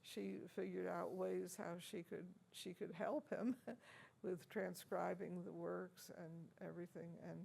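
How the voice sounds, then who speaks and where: Creaky-voiced older woman reminiscing. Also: fairly low pitch, steady tone, slow pace, darkish tone. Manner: anecdotal, chuckling, hesitant restarts. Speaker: interviewee, organist and teacher. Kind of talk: reminiscing interview talk.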